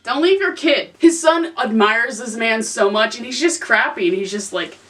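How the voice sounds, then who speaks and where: A woman's voice: on the high side, moderate pace, fairly bright tone. A young woman ranking characters in a casual, exasperated rant, swearing freely. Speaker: host. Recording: voice from some distance to the mic.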